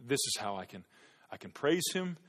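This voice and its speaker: A man's voice: medium pitch, very animated, normal speed, fairly bright tone. A male pastor preaching an earnest sermon to his church, often repeating words as he builds emphasis. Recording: long hall reverb.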